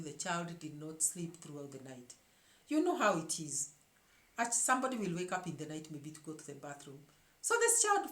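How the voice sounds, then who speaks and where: A woman hosting her own show, telling a story to her viewers in an emphatic way and often repeating words as she searches for the next one. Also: lowish voice. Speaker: show host. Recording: echoey room.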